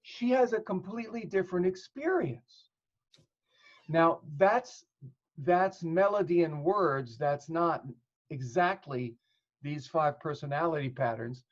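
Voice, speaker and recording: A man with a somewhat high voice, explaining things patiently as a therapist in an interview. He builds his points with examples and plays out bits of dialogue. The audio is dull and lo-fi. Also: a little slow. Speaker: psychotherapist guest.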